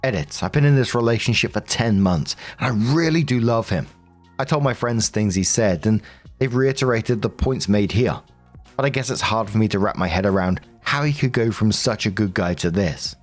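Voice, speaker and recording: A man with a fairly low voice reads online relationship posts aloud in a steady scripted narration. His delivery is even and unhurried. Faint music plays softly underneath. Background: faint background music.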